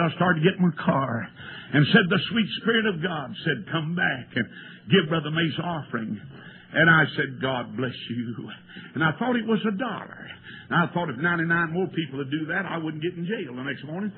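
An older man, preaching a folksy storytelling sermon that swells into shouts and tearful cries. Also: on the high side. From American. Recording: tinny lo-fi old sermon tape with faint hiss.

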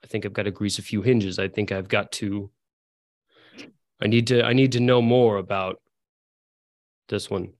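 A man voicing a cloaked hired agent in a fantasy game, low, quiet and hesitant. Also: fairly even intonation, moderate pace, pauses often, no room sound, clean studio sound, close to an everyday voice. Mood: scheming.

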